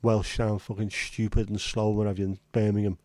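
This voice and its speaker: A man's voice: fairly low pitch, little pitch movement, brisk, warm tone, dry recording. A man hosting a livestream in casual, rambling chat, blunt and now and then swearing. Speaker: livestream host.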